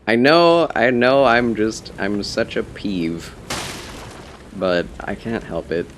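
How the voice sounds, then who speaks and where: A man streaming a game live, chatting casually and politely with his viewers, with quick laughs and muttered asides. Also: fairly low pitch, slight background noise. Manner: chatty, answers chat, playful and polite.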